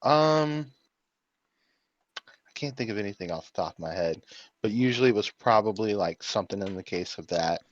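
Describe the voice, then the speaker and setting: A man's voice: fairly low pitch, animated, normal speed, long pauses, dry recording. A man co-hosting a podcast, chatting casually and laid-back, agreeing and reflecting with plenty of fillers. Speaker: podcast co-host. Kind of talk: casual chat. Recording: dull lo-fi podcast recording.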